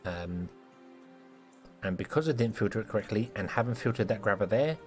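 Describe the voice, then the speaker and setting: A man's voice: on the low side, lively intonation, fairly quick, soft background music. A man giving casual, self-mocking commentary while live-streaming a building game, playfully scolding the characters in it.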